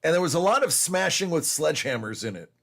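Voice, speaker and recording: A man's voice: on the high side, sing-song, quick pace, vocal fry, fairly bright tone. A man in his forties, host of a collecting show, telling a rambling story in casual chat with lots of fillers.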